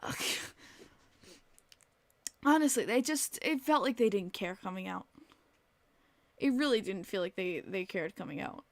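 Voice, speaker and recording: A woman's voice: mid-range voice, animated, a little slow, pauses often, no echo. A woman hosting a casual live-stream podcast, talking bluntly and swearing freely while reading chat aloud. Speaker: podcast host.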